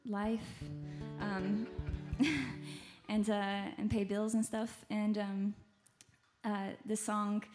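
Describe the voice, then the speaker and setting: A woman's voice: medium pitch, dark tone. A woman singer-songwriter chatting casually between songs on a venue stage, rambling with self-deprecating humor into a stage mic. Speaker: singer-songwriter performing live. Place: live music venue stage.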